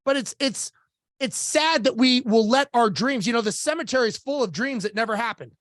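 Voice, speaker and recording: Blunt, animated male coach telling a story. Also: very high voice, brisk, no room sound, clean studio sound. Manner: blunt, animated, acts out both sides of dialogue. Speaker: business coach, podcast guest. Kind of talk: storytelling in a casual interview.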